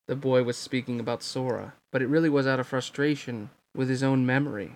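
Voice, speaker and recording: A man's voice: mid-range voice, fairly even intonation, a little fast, few pauses. A man narrating a novel aloud in a plain reading voice, with occasional slips.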